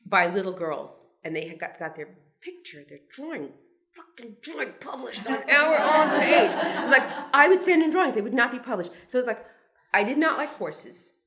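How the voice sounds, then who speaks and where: A woman's voice: mid-range voice, sharp tone. A woman in her sixties from Brooklyn, a cartoonist telling wry, meandering, self-deprecating stories to an audience, with frequent restarts and asides. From Brooklyn, New York. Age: 60s. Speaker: cartoonist guest speaker. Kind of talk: anecdotal talk to an audience.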